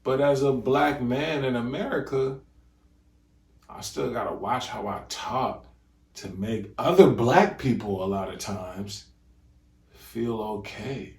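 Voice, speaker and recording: A man hosting a podcast in casual, animated commentary, mocking and acting out voices. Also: mid-range voice, slow, echoey room. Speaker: podcast host.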